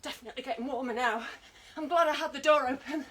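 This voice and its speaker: British woman fitness instructor, high voice, breathless, coaching live; mic set back, faint hiss. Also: fast talker, a bit bright, distant mic, low-quality recording. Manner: encouraging, counting down and coaching while exercising. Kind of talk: online exercise class.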